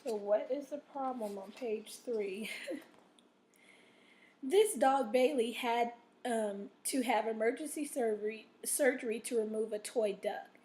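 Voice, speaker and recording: Woman teacher with a rough, coughy voice. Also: on the high side, darkish tone, slight background noise. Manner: checks in with "okay?" after nearly every sentence; slow, drawn-out stress on vocabulary words. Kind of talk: recorded reading lesson.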